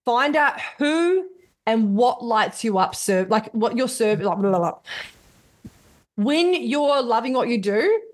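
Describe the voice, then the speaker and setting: A woman's voice: on the high side, expressive, takes it slowly. A woman, a business coach, telling her story in a casual podcast interview, swearing freely and acting out quotes.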